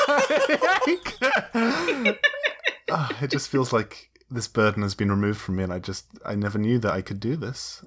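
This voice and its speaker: A man's voice: on the low side, a bit bright. A man hosting a podcast, chatting casually in a mock-dramatic comedic way. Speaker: podcast host.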